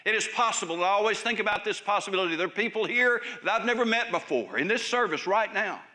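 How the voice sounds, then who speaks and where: High-voiced, bright preaching man. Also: animated, fast. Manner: emphatic preaching that swings between raised lines and soft, hushed drops. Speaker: pastor. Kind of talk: sermon. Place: church service.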